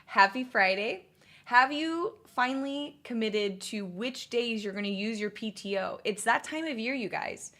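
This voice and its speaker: Her voice is on the high side, bright and lively in intonation, and she takes her time. Streaming live, the young woman talks loosely with her audience and replies to their messages, wandering off with many fillers and false starts.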